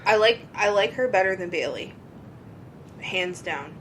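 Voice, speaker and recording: A woman's voice: medium pitch, expressive, unhurried, slight background noise, low-quality recording. A woman co-hosting a casual podcast chat, teasing her partner and giving blunt opinions. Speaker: podcast co-host.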